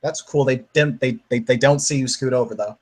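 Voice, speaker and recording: A man's voice: medium pitch, fairly even intonation, a little fast. A man playing a tabletop game, loose and joking, with stammered restarts. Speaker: player. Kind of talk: casual tabletop chat.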